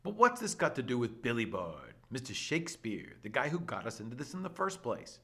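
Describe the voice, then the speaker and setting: A man presenting an energetic scripted explainer with a lively, playful and emphatic delivery. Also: medium pitch, fairly quick, slightly rough. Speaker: educational presenter.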